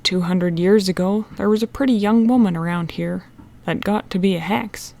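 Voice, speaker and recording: Lady reading as stern old-fashioned country woman, low intense voice, spooky warning. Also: moderate pace, vocal fry, mellow, lightly acted. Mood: ominous.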